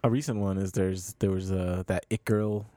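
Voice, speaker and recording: Male co-host with a low voice, dry close sound, trades store stories with lots of ums. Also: steady tone, dark tone, no room sound. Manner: halting, with many fillers, acts out customers. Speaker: podcast co-host, comic shop employee. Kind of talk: casual chat, telling anecdotes.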